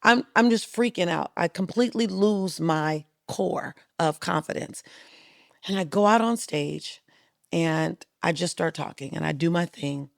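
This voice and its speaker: Gravelly, animated woman telling a story. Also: lowish voice, a little slow, no echo, clean studio sound. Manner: animated, acts out quoted voices. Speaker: guest speaker. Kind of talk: storytelling in a podcast interview.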